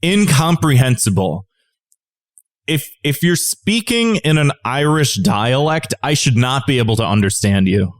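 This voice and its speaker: A man co-hosts a casual podcast at an average pitch, rambling through his opinions. He swears freely and drifts into exasperated rants between filler words. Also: very animated, unhurried. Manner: rambling, profane, exasperated ranting. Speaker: podcast co-host.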